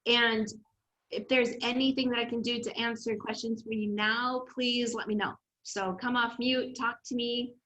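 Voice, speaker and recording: Woman coach with a bright, ringing voice, animated storyteller on a video call. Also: fairly high pitch, normal speed, highs cut off. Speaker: development coach. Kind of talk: online class presentation.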